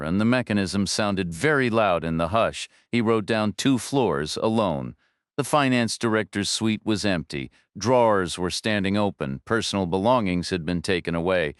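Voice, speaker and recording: A man narrating a thriller with a smooth, resonant voice pitched on the low side. His delivery is steady and measured. The studio recording is dry and close. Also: dry recording. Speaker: audiobook narrator.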